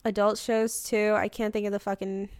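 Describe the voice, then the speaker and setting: A woman's voice: mid-range voice, little pitch movement, normal speed, darkish tone, clear, resonant tone, no room sound, clean studio sound. A woman co-hosting a podcast in casual chat, rambling with lots of fillers and casual swearing. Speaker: podcast co-host.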